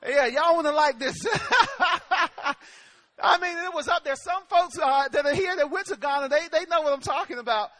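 Preacher, male, very high bright voice, emphatic storyteller, dry close sound. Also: moderate pace, no room sound. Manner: emphatic storytelling, calls of amen. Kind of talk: sermon with personal story.

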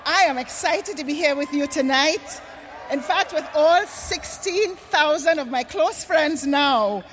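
A woman from Trinidad and Tobago gives an earnest stage address to a huge arena crowd, slowing down to stress key words. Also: high-pitched, expressive, a little hiss or hum. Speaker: conference speaker. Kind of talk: stage address on faith and creation care. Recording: long reverb of a large arena.

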